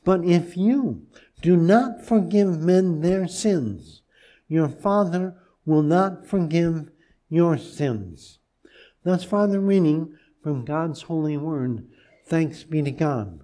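A man preaching a sermon as pastor, speaking gently and deliberately with pauses and restarts. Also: a little high, expressive.

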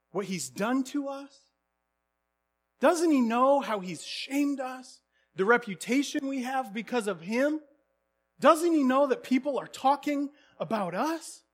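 A man's voice: very high-pitched, voice pushed up, exaggerated voice. A man voicing a resentful young middle brother who rants in a bitter, indignant way.

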